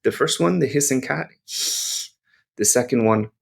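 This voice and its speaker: A man's voice: mid-range voice, normal speed, vocal fry. A man teaching pronunciation to learners, patiently explaining and modelling each sound. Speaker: language teacher.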